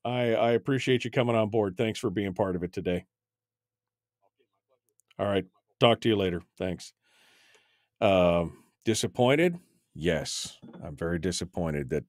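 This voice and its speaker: Low-voiced male talk radio host. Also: no echo, studio quality. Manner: rambling and flustered while fixing broken equipment on air, many restarts. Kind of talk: live talk radio, off-the-cuff. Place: radio studio.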